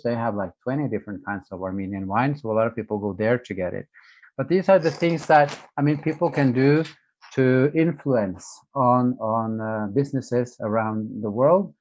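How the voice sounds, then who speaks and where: Man, interview guest, emphatic and earnest, mid pitch, dull lo-fi sound. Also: darkish tone, dry recording. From Norway. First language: Norwegian. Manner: earnest, emphatic, many fillers and restarts. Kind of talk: conversational storytelling.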